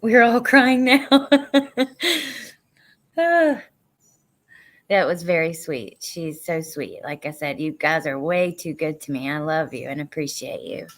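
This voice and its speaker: A woman's voice: low voice, normal speed, hardly any pauses, poor audio. A woman hosting a casual true crime livestream, chatting with viewers, laughing often and a little emotional. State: emotional, near tears. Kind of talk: casual livestream chat reacting to news and viewer comments.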